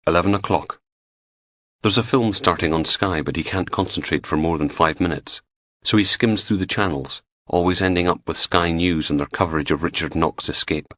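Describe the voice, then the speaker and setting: Deep-voiced man narrating an audiobook. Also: no room sound. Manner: steady, measured reading. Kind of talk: scripted narration.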